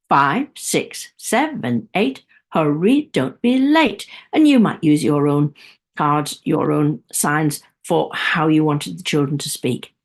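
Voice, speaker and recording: A woman leads a music teachers' webinar in a low-set voice that leaps around in pitch. She talks chattily and keeps breaking into little sung and whispered demonstrations. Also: sing-song, takes it slowly, slightly rough.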